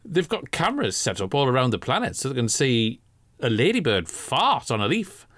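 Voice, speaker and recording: A man's voice: mid-range voice, sing-song, normal speed, a bit bright, no echo. A man co-hosting a podcast, chatting in an enthusiastic, sweary way. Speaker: podcast co-host. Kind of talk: casual chat.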